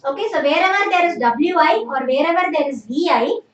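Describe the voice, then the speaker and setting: A woman with a high-pitched voice and lively intonation speaks fairly quickly on dull audio from an echoey room with a distant mic and faint noise. She's teaching a live online language class, patiently drilling students and saying "okay" constantly.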